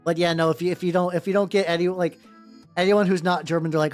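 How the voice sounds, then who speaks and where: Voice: mid-range voice, fairly even intonation, fast talker. Rambling, swearing streamer with faint music. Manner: rambling, frequent restarts and swearing. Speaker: VTuber streamer painting miniature terrain. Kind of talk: casual livestream chat while painting. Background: faint background music.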